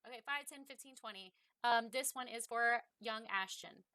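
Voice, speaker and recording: A young woman commenting on her own game play in a chatty, emotional way, murmuring softly at times and yelling when things go wrong. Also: on the high side, normal speed, clean tone, no room sound. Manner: emotional, swings from soft muttering to loud yelling; chatty, many fillers, talks to her viewers. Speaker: game streamer.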